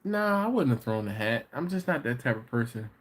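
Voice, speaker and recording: A man's voice: mid-range voice, sing-song. A man hosting a casual livestream, reading viewer comments aloud and joking with them. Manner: joking, teasing, chatty, quick laughs. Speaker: livestream host.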